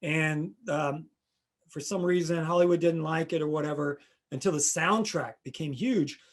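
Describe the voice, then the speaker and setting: A middle-aged podcast host with a slightly high voice chats casually at a moderate pace. He tells rambling stories and acts out the people he quotes, putting on voices for them.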